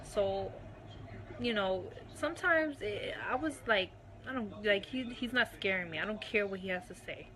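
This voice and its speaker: A woman speaks openly about her own past in a mid-range voice. She takes her time, filling pauses with "um" and "you know". She sounds like a guest telling a candid personal story. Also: mid-range voice, animated, bright, forceful tone. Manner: unhurried, with frequent "um" and "you know". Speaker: guest recounting her marriage.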